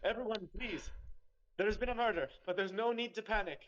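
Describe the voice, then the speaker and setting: A man voicing a sly furry creature companion who makes a high, soft, mock-solemn announcement. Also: fairly quick, muffled recording, slight background noise.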